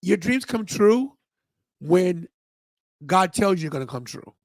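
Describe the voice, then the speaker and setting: A middle-aged man with a creaky, high-pitched voice speaks at a measured pace in a dry recording. Hosting a podcast, he tells a personal story as an emotional, animated monologue, doing the voices of the people he describes.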